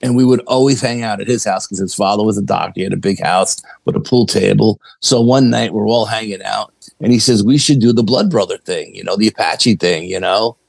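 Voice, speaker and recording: Gravelly low-voiced man telling a story. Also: brisk, dry recording, low-quality recording. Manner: chatty anecdotal telling, acts out quoted dialogue, frequent "you know". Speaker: paranormal investigator, podcast guest. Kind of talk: casual storytelling.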